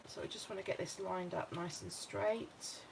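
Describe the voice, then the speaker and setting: A British woman walks through her scrapbook project in a relaxed, chatty way, thinking aloud as she goes. Her voice sits at a middling pitch. A clear layer of background noise runs under the recording. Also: normal speed. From United Kingdom. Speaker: craft vlogger. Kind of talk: casual crafting walkthrough.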